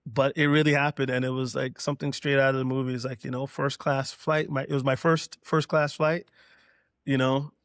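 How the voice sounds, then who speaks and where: A man's voice: mid-range voice, normal speed, no echo, clean studio sound. A middle-aged man from Canada, a DJ and producer, telling a long anecdote in a casual podcast interview and acting out what others said. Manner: relaxed anecdote-telling, acting out quoted dialogue. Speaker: guest, DJ and producer.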